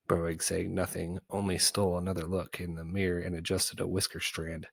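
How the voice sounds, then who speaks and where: Deep-voiced man reading a children's book aloud. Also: flat delivery, fairly quick, gravelly, few pauses, breathy edge, no echo. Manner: goofy, casual, with small slips and self-corrections. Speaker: book reader.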